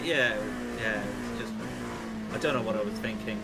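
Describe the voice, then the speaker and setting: On the low side and fairly even in intonation, this Englishman's voice has vocal fry and moves at a moderate pace through a very noisy recording. He's casually co-commentating a long motor race, chatting and laughing through stories between updates as the cars thunder on.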